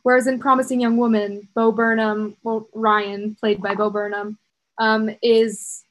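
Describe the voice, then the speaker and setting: Chatty young woman, slightly high voice. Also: poor audio. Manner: chatty, uses fillers and "like". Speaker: podcast co-host. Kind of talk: casual chat.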